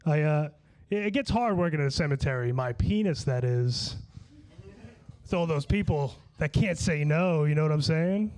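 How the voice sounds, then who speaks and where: Animated and a little mellow, this Long Island, New York comic has a fairly high voice and a moderate pace. His stand-up comes out rambling and slightly slurred from drink, full of restarts and cursing.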